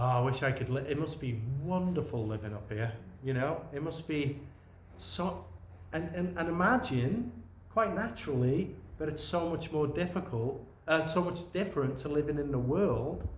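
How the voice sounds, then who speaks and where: A man's voice: fairly high pitch, a little hiss or hum. A man giving an informal dharma talk as a Zen teacher, meandering and conversational, often restarting his sentences. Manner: meandering, conversational, many restarts and soft asides. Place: meditation retreat room. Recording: roomy echo with faint ambience.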